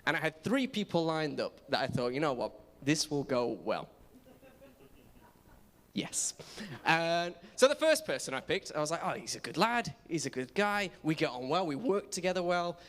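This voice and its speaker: A man's voice: on the high side, very animated, moderate pace, fairly bright tone. A young man giving a casual, self-deprecating sermon in a church. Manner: self-deprecating, chatty, many restarts. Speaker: preacher. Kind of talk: casual sermon with personal stories. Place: church auditorium. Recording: reverberant church hall.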